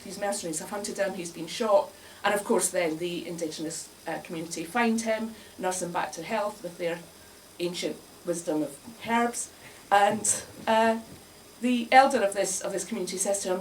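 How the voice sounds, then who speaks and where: A woman talks to a live bar audience indoors in a wry, chatty comedy routine, often laughing at her own jokes. Her mid-range voice has fairly even intonation, a normal speed and hardly any pauses. A distant mic catches faint room noise.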